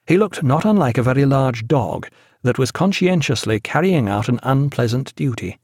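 A man narrating an audiobook in a measured, even storytelling manner, recorded on a close studio mic. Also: medium pitch, slightly rough, no echo. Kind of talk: scripted narration.

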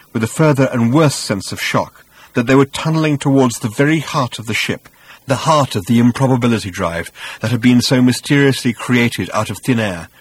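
A man reading a comic science-fiction audiobook in a wry, measured style. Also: medium pitch, breathy edge, no room sound. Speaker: audiobook narrator. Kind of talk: scripted narration.

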